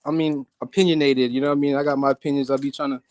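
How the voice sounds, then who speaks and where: A man's voice: mid-range voice, little pitch movement, rapid-fire, darkish tone, no room sound. A man calling in to a live boxing talk stream, giving his opinions hesitantly with many restarts. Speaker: caller. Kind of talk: casual debate call-in.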